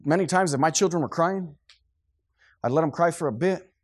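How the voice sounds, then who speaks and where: Middle-aged man, fervent sermon, preachy, fairly high voice. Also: brisk. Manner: fervent, preachy, loses his train of thought.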